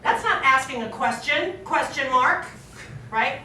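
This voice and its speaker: A woman teaches an acting class with brisk energy, peppering her students with questions. Her voice is bright and slightly high. She is caught from across an echoey classroom. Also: slight background noise. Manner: energetic, quizzing students with frequent "right?". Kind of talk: classroom instruction. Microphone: far camera. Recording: echoey room from far off.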